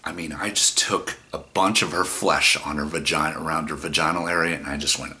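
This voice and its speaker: A man's voice: low-pitched, fairly quick. A man in a vlog telling a personal story in a casual, profane way and acting out the dialogue. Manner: animated, profane, acts out the dialogue. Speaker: vlogger.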